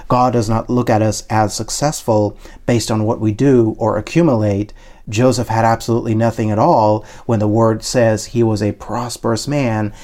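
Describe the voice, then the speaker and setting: A man with a somewhat low voice preaches an online sermon. He is emphatic and repetitive, circling back over his points as he leads listeners in repeating affirmations. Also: a little mellow.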